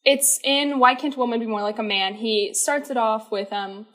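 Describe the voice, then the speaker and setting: Woman, podcast co-host, casual chat, giggly, lots of fillers, fairly high voice. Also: moderate pace, fairly bright tone. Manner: giggly, chatty, many "like" and "um" fillers. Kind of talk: casual chat about musicals.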